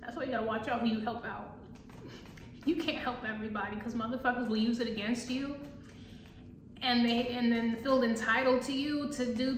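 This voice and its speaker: A woman giving a blunt, profane, animated monologue as a tarot reader, talking casually. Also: on the high side, moderate pace. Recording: echoey room with faint noise.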